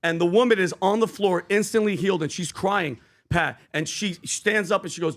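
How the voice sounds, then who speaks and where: A man's voice: high-pitched, brisk. A man, co-hosting a podcast, talking earnestly with many fillers and restarts as he retells a scripture story. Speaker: podcast co-host. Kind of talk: animated casual podcast talk, retelling scripture.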